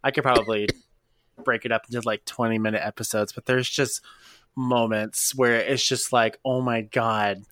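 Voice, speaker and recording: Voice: mid-range voice, steady tone, normal speed, fairly bright tone, no echo, clean studio sound. A podcast co-host chatting casually, rambling with lots of fillers and giggles.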